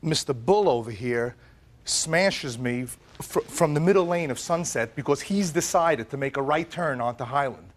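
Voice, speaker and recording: A man giving animated, emphatic testimony as plaintiff on a televised courtroom set. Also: mid-range voice, normal speed, slight background noise.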